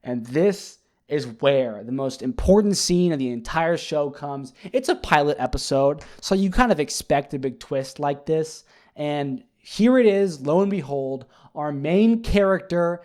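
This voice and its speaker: A man talking casually on his own, retelling a TV episode in a rambling, animated way with many fillers and restarts. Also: fairly high pitch, takes it slowly. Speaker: podcast host. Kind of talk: casual solo recap chat.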